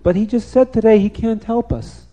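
A man's voice: high voice, moderate pace, dark tone, voice pushed up, lightly acted. A man voicing a frightened, desperate father who speaks anxiously and pleadingly. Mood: distraught.

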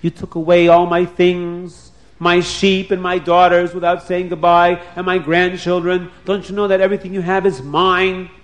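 A man's voice: high-pitched, little pitch movement, normal speed, few pauses, natural voice. A man voicing a greedy, scheming old man who screams frantically and trips over his words in a children's story. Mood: indignant.

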